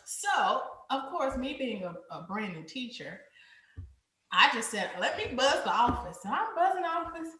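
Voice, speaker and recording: Woman, podcast co-host, high bright voice, slow expressive delivery, echoey room. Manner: slow, expressive, laughs through her stories. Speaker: co-host and teacher. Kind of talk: casual storytelling chat.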